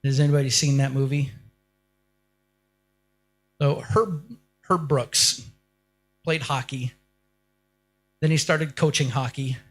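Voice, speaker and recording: Higher-pitched man giving a motivational speech. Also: fairly bright tone. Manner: rhetorical questions to the audience; emphatic, builds to punchy lines. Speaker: keynote speaker.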